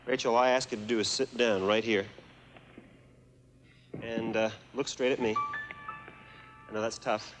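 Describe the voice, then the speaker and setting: A man hosting a stage magic show, leading an audience volunteer with playful, smooth patter. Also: medium pitch, steady tone, normal speed, long pauses. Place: theater stage before a live audience. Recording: live TV broadcast with a loud crowd. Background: audience applause and music.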